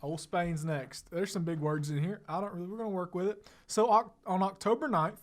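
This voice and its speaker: A man co-hosting a casual podcast, playful and reading aloud slowly. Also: high-pitched, steady tone. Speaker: podcast co-host. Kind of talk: casual chat.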